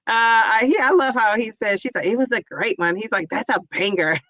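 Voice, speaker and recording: This woman has a bright, forceful voice that sits a little high. She hosts a casual livestream and talks in a chatty, rambling way with lots of fillers. She cheers on her viewers effusively, and the sound is close and dry. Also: moderate pace, dry recording, muffled recording. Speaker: livestream host reading viewer chat. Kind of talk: casual live chat.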